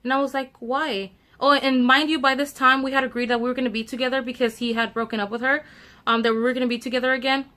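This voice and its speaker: A woman's voice: high-pitched, flat delivery, quick pace, pushed and bright. A young woman chatting to her viewers in a casual story time, full of fillers and asides to the audience. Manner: chatty, many fillers, addresses viewers directly. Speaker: vlogger telling a story time.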